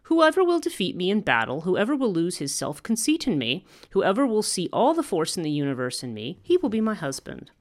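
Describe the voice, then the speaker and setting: A speaker voicing a calm, smiling goddess while reading a scripture passage aloud in a measured, formal way. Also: medium pitch, voice pushed up. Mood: serene. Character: serene fierce goddess, calmly smiling.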